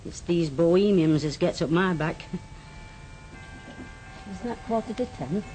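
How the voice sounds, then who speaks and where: An actress playing a blunt older aunt, full of tart dialect sayings. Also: female voice, lowish voice, expressive, takes it slowly, noisy background. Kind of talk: radio drama.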